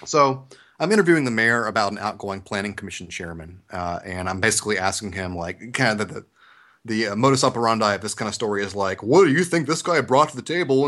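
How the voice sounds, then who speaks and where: A man's voice: lowish voice, fairly quick. A young man from the US South with a Southern accent, telling a story on a podcast and acting out the quotes. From Georgia, US South. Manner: animated storyteller, acts out quotes. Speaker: podcast host. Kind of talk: casual podcast chat.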